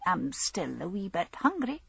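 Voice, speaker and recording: A woman's voice: on the low side, very animated, measured pace, gravelly, fairly bright tone, husky, dry recording, heavily acted. A woman voicing an old bearded male tramp with a Scottish accent, who talks in a wheedling, nervous way with dialect speech.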